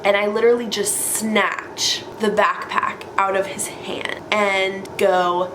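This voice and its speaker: A young woman tells a story to her camera in a relaxed, chatty way, peppering her speech with "like". Her voice sits at an ordinary middle pitch. The room around her rings with a noticeable echo. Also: slow, background noise. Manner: animated, chatty, heavy use of "like". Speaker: vlogger telling a story. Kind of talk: casual storytime vlog. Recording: echoey room.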